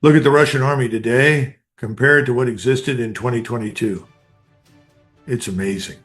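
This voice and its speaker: A man's voice: medium pitch, moderate pace, a bit bright, soft background music. An older man, a retired army colonel, giving blunt, emphatic analysis in an interview, speaking in short declarative bursts.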